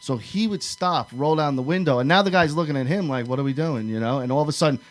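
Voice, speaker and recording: A man's voice: a little high, fast. A man from New York telling wild stories in casual chat, cursing freely and acting out his friends' lines. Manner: profane, animated storyteller acting out friends' lines. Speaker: podcast co-host.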